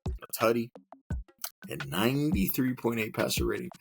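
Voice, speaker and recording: A man's voice: mid-range voice, sing-song, normal speed, creaky, over music. A man co-hosting a football podcast, giving a wry casual recap with scores and stats. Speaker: podcast co-host.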